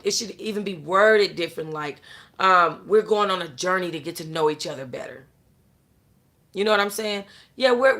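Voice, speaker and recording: A woman's voice: medium pitch, a bit bright. A young adult woman hosting a casual chat, bluntly lecturing her viewers with lots of profanity and a constant "you know what I'm saying". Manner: talks straight to the audience, answers chat. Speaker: host.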